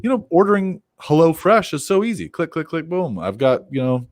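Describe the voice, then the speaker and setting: A man's voice: fairly high pitch, very animated, brisk, no room sound, studio quality. A man co-hosting a podcast in casual chat, giving business-minded opinions in a conversational way. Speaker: podcast co-host.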